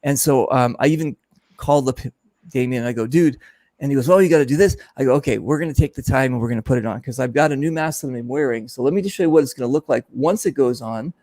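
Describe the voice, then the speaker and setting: A man hosting a casual chat, telling a lively story and acting out what others said. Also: mid-range voice, fast talker, no room sound. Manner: animated storyteller, mimics others in his stories. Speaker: host. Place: event booth.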